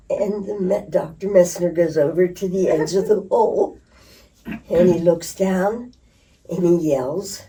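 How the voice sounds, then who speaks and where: Older woman, low and warm, lively and laughing as she recalls, recorded from a distance. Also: slow, long pauses. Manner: lively storyteller who laughs and acts out voices. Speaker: interviewee. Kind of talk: reminiscing storytelling. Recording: distant mic.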